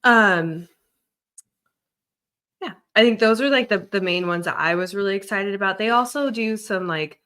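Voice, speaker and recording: A woman therapist hosting a podcast, explaining ideas in a lively way with examples. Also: medium pitch. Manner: animated, explains with examples, quick laughs. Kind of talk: casual chat.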